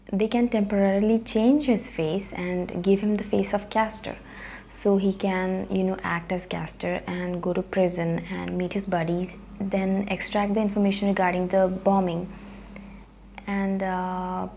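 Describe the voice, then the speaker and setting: A woman's voice: medium pitch, gravelly, mellow, a little hiss or hum. A woman casually recapping a film she watched, chatty and full of ums and uhs. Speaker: movie review vlogger. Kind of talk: casual spoken movie recap.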